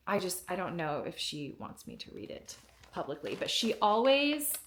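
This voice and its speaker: A woman's voice: on the low side, moderate pace, slight background noise. Gushing, emotional woman vlogger. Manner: excited and emotional, gushing, near tears. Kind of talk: casual unboxing vlog.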